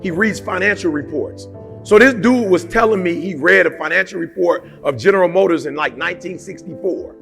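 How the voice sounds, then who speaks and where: A man delivering a motivational talk with a higher-pitched, gravelly voice. He speaks in a punchy, casual way, firing off rhetorical questions and repeating phrases for emphasis. Soft music plays faintly underneath. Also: fairly quick.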